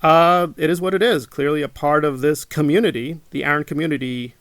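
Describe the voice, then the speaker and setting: A man talks straight to his viewers, indignant and insistent, circling back to the same questions. His voice is gravelly and sits a little high. The sound is dry and close, with no room echo. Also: steady tone, fairly quick, fairly bright tone. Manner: indignant, repeats himself, mocks his critics in quotes. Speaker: channel host. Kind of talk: monologue to camera.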